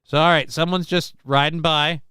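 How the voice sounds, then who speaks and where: A man's voice: on the high side, fairly even intonation, moderate pace, pushed and bright, smooth, no room sound, studio quality. A man hosting a casual live stream, reacting to news clips with rambling, sarcastic asides. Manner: rambling, sarcastic, mock voices for people in clips. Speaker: show host.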